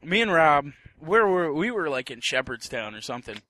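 Man, podcast co-host, bright voice, dry close sound, animated profane storytelling. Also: fairly high pitch, moderate pace, no room sound. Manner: animated, profane, shouts quoted lines. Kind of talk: casual storytelling.

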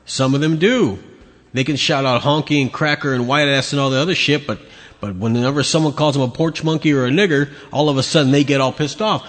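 This man's voice sits on the high side, and he talks fast. As a podcast host reacting to video clips, he rants with angry, crude, mocking profanity, all recorded with a long hall reverb.

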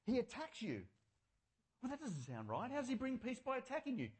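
Guy preaching a fired-up sermon, high voice all over the place, shouty then sarcastic and quiet, chin mic. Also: huge pitch swings, brisk, slightly rough. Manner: impassioned, swinging from shouts to quiet sarcastic asides. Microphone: clip-on or headset mic near the chin.

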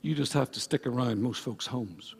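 A man's voice: mid-range voice, moderate pace, creaky. A man preaching a sermon as pastor at a church service, emphatic and full of repeated phrases. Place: church service before a congregation.

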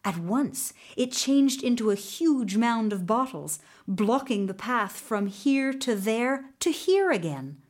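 A woman narrating a children's storybook in an expressive, animated way. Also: a little high, slow pace, hardly any pauses. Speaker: audiobook narrator.

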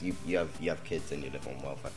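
Deep-voiced young man hosting a podcast. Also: fairly even intonation, quick pace, over music. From England. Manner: rambling, self-deprecating, full of ums. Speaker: podcast host. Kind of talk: casual podcast banter.

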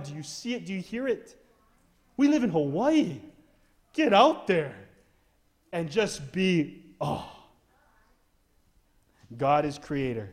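Pastor dude preaching in church, kinda high voice, punchy and chatty. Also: male voice, big pitch swings, normal speed, long pauses, darkish tone. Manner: emphatic, conversational, asks the congregation questions. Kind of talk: sermon.

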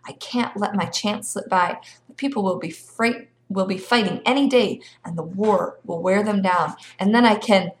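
A woman reading the part of a scheming male villain, low and cold in tone. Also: moderate pace, hardly any pauses, natural voice. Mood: demanding.

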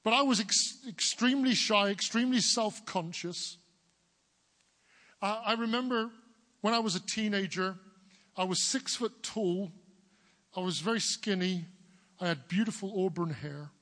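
A pastor in his forties from England preaches with a big, booming voice that sits fairly high. He builds earnestly toward emphatic declarations. His words ring out with a long echo, as in a church hall. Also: unhurried, long pauses, bright, forceful tone. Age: 40s. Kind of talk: sermon.

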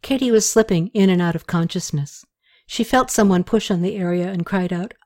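A woman narrating an audiobook in a steady, measured storytelling voice. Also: lowish voice. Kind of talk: scripted narration.

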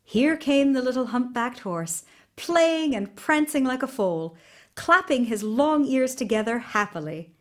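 Slow, expressive woman storyteller. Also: sits high. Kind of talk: storybook read-aloud.

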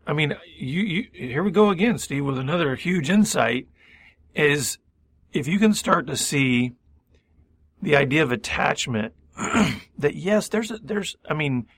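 A man's voice: a little high, lively intonation, unhurried, fairly bright tone, husky, dry recording. A man co-hosting a faith-based recovery radio talk show, thoughtful, building on his partner's points. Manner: thoughtful, builds on the other's point with many "I mean"s. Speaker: radio co-host.

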